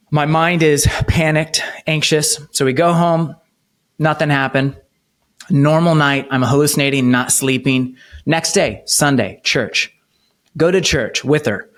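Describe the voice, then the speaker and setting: An earnest man in his thirties recounts a personal testimony as a podcast guest. His voice sits at an ordinary middle pitch, and he slows right down whenever he wants a moment to land. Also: fairly bright tone. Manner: earnest storytelling, slows for emphasis.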